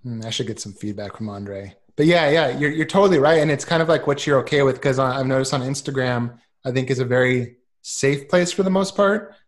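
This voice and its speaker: Laid-back guy podcast cohost, self-deprecating, mid-pitch voice. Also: brisk, few pauses. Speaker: podcast co-host. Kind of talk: casual chat.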